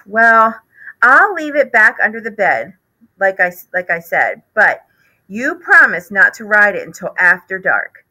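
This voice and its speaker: Storybook: woman reading cocky young boy mouse, bright and lively, pitched up. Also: measured pace, heavily acted, rough recording. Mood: eager. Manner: eager, boastful.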